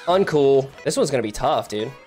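An excitable young man talks through a multiplayer game, casual and chatty. His voice swings widely, jumping up into yelps and laughs whenever things go wrong. Faint game music plays beneath him. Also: normal speed. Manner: excitable, yelps high when frustrated, laughs often. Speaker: gaming YouTuber. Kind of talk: casual multiplayer gameplay commentary.

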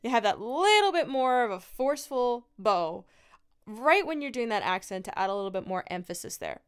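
A woman's voice: on the high side, very animated, faint music behind. Upbeat woman teaching fiddle, with a Newfoundland accent. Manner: encouraging, patient, explains slowly. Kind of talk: friendly step-by-step music tutorial. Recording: fiddle playing loud in between.

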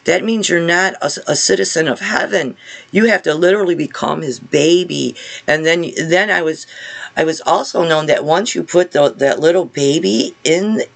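A man recounts a vision in a slightly high, gravelly voice. He speaks with earnest feeling, stumbling and restarting his phrases as he goes. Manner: halting, repeats and restarts words, earnest. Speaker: vlogger sharing a religious vision. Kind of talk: casual spoken testimony.

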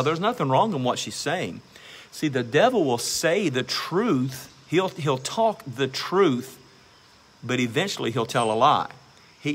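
A man's voice: medium pitch, fairly bright tone. A man preaching a sermon as pastor, emphatic and exhorting, repeating phrases for stress.

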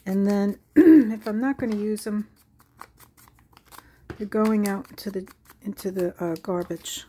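A woman hosting a casual crafting tutorial, musing aloud at an unhurried pace as she works and sometimes dropping into soft whispers. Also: medium pitch. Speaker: crafting channel host. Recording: faint background noise.

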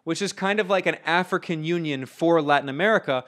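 A young man delivers a political talk with an emphatic, sardonic edge. His voice sits a little high for a man. He breaks off and restarts phrases as he goes. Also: brisk, fairly bright tone. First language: English. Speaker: invited speaker.

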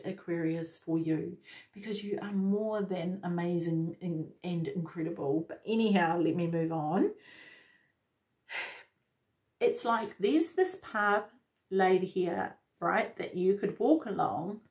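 A woman's voice: fairly low pitch, slow pace, darkish tone. A woman giving a casual, effusive tarot reading, talking straight to the viewer. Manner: enthusiastic, effusive, addresses viewer directly. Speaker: tarot reader.

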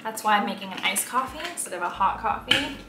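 Quick and expressive, with a mid-range voice, a young American lifestyle vlogger chats casually amid heavy background noise. She records on a tripod camera in a spacious room at home in Texas, rambling and tossing in self-deprecating asides.

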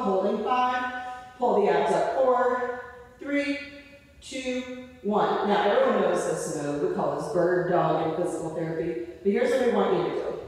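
A woman's voice: medium pitch, darkish tone. A young woman physical therapist leading a home floor exercise class, counting reps and cueing breaths while a bit out of breath. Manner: encouraging, counts reps aloud, cues breathing. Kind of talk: guided exercise class instruction. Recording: echoey hall, voice far from mic.

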